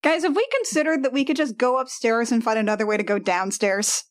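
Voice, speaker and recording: Woman, tabletop player, high voice, quippy, impatient. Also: brisk. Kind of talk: tabletop game play.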